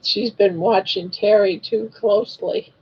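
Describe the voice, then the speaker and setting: Older woman cooing baby talk, husky. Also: medium pitch, fairly even intonation, a little slow. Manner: cooing, sing-song baby talk with laughter. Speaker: host of a live crochet stream. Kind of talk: casual livestream chat, baby talk to her dog. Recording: dull lo-fi stream audio.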